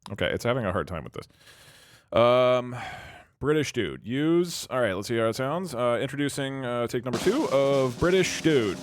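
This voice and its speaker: A young man hosting his YouTube stream thinks aloud and rambles casually while tinkering with something on screen. His medium-pitched voice is animated and moderately paced.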